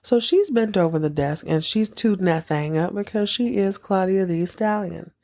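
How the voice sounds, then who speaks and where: A woman's voice: mid-range voice, normal speed, dark tone. A woman hosting a casual recap podcast who talks in a chatty, sarcastic way and acts out quotes, and who is sick at the moment. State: sick, taking cough medicine. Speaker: podcast host recapping a TV episode.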